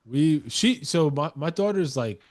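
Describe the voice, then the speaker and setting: A man's voice: a little high, expressive, unhurried. A man from New York co-hosting a dads' podcast, telling stories animatedly and swearing casually. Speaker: podcast co-host. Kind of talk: casual chat.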